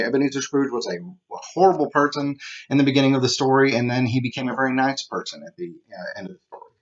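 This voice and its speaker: A man teaching a relaxed recorded lesson, talking conversationally, tossing in "okay" and acting out examples. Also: mid-range voice. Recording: dull lo-fi home recording.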